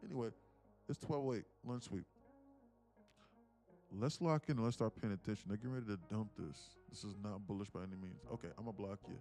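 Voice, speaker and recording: A man's voice: fairly low pitch, fairly quick, mellow, faint music behind. A man hosting a live day-trading stream, chatting casually and rambling, often repeating words as he talks to his viewers. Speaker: day-trading livestream host.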